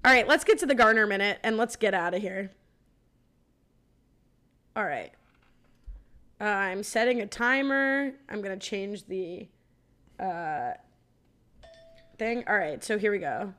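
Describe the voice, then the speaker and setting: A woman co-hosting a casual podcast, running the segments in a brisk, teasing way. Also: mid-range voice, lively intonation, a bit bright.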